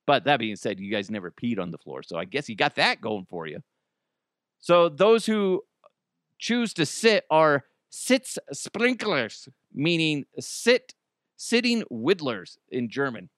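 A man's voice: mid-range voice, a little slow, no echo, clean studio sound. A man hosting a comedy news podcast, talking in a casual joking way with sudden swearing outbursts, at home. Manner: animated, swears, jokey outbursts. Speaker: podcast host.

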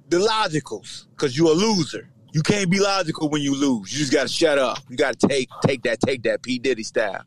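A man's voice: fairly high pitch, fairly quick, hardly any pauses, a little hiss or hum. A middle-aged man from Virginia hosting a casual sports podcast, talking in slang, joking and mimicking other people. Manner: animated, slangy, jokes and voices people. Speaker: podcast host, former player.

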